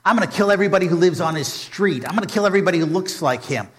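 A man's voice: medium pitch, lively intonation, unhurried, close to an everyday voice. A man voicing an arrogant, vengeful ancient royal official in a storytelling sermon, ranting threats and then fawning. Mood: furious ranting.

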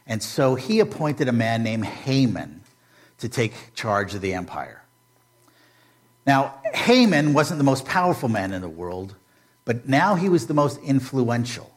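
A man retelling a Bible story as a preacher, animated and humorous, with modern comparisons. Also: medium pitch, a little slow. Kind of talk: storytelling sermon.

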